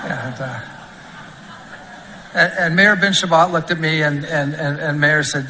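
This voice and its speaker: A man's voice: on the high side, steady tone, takes it slowly, pauses often, big-room sound, noisy background. A man recounting a story from a speech, with frequent restarts, played as a recorded clip. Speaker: former government official. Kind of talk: anecdote at a speech.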